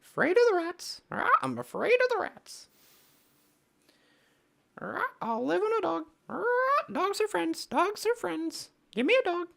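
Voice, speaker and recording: A man voicing a cheeky, squawking pet parrot stuck in a cage, in a shrill bird voice during a live stream. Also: big pitch swings, unhurried, creaky, a bit bright, heavily acted.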